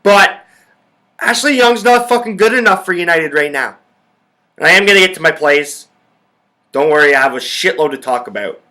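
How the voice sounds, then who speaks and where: Young guy ranting about football, swears a ton, bright sharp voice. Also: on the high side, expressive, normal speed, long pauses. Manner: profane, ranting, fired up. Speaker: podcast host. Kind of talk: casual sports talk.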